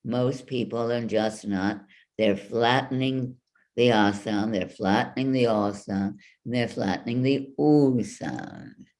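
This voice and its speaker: A woman teaching speech over a video call, slowly demonstrating vowels and consonants with drawn-out sounds. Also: extremely low pitch, darkish tone.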